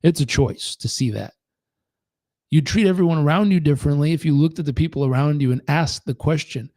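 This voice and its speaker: High-voiced emphatic male coach. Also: brisk, darkish tone, dry recording, clean studio sound. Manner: emphatic, rhetorical questions, preachy. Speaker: performance coach. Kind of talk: motivational talk.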